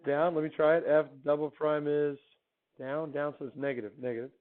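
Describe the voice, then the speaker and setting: A male teacher lectures a classroom in an upbeat, chatty way, stopping often to quiz his students. His voice sits a little high. The recording is narrow and tinny, like a phone line. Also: steady tone, brisk. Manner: upbeat, quizzing students with questions. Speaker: math teacher.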